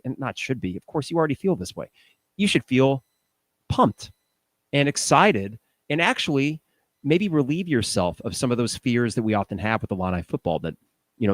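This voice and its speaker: Man, podcast host, low voice, dry close sound, opinionated sports chat, rhetorical questions. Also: no room sound. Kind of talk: casual sports podcast commentary.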